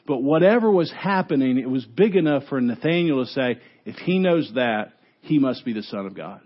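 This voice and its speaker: This sermon comes from a male pastor with a slightly rough voice, recorded with the highs cut off. He narrates using lively voices for quotes and sinks low and quiet to stress key words.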